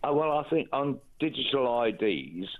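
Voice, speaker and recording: A man calling in to a radio phone-in, speaking in a measured, wry way. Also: medium pitch, big pitch swings. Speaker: caller. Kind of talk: phone-in call. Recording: tinny phone line.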